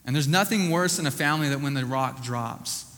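A man preaching a sermon, emphatic and repetitive, often dropping to a hushed voice at the ends of lines. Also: mid-range voice, brisk, big-room sound.

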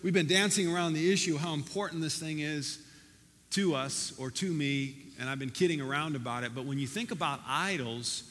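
Pastor guy giving a sermon, bright voice, lots of echo, chatty. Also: fairly high pitch, moderate pace. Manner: conversational and animated, with many restarts. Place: church sanctuary. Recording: reverberant church hall.

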